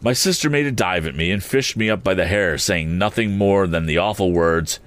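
A man narrating a classic novel as an audiobook, in a measured, steady storytelling manner. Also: low-pitched.

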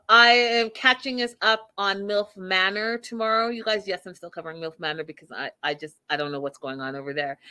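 A woman's voice: mid-range voice, pushed and bright, clear, resonant tone. Woman host, chatty and opinionated, for a casual live reality-TV recap. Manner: chatty and opinionated, many fillers.

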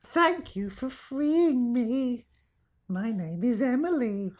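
A woman putting on the voice of a creepy little ghost girl, reading a sinister note slowly in an eerie, sing-song way. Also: fairly high pitch, expressive, a little mellow, pitched above the performer's own voice.

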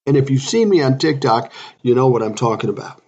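A man's voice: mid-range voice, animated, brisk, darkish tone, husky, highs cut off. A man in his sixties hosting a solo podcast, talking bluntly and irritably, swearing often. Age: 60s. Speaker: podcast host.

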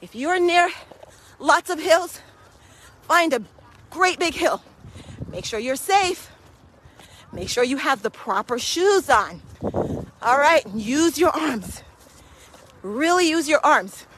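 A high-pitched woman leads a hill walking workout outdoors, out of breath as she climbs. She speaks slowly and keeps cheering her listeners on, motivating them to keep going. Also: animated, fairly bright tone, a little hiss or hum. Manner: encouraging, motivating. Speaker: fitness coach. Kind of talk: guided walking workout podcast.

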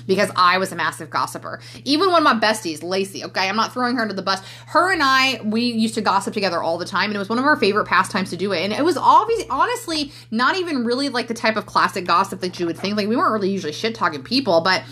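A woman's voice: mid-range voice, lively intonation, fast talker, hardly any pauses, pushed and bright. A woman in her thirties hosting a podcast, talking candidly and emotionally in a rambling way, full of fillers. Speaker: podcast host and coach. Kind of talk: casual solo podcast monologue.

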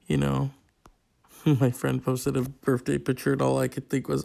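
A man's voice: medium pitch, flat delivery, drawn-out words, long pauses, a little mellow. A man hosting a podcast solo, rambling and swearing a lot, with plenty of fillers. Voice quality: gravelly. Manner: profane, rambling, with frequent fillers. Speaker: podcast host. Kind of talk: casual solo podcast monologue.

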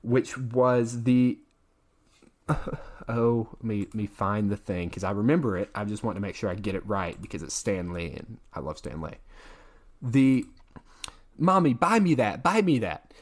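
A man's voice: fairly low pitch, normal speed, a little mellow. A man co-hosting a podcast in casual chat, enthusiastic and rambling, laughing often between thoughts. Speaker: podcast co-host.

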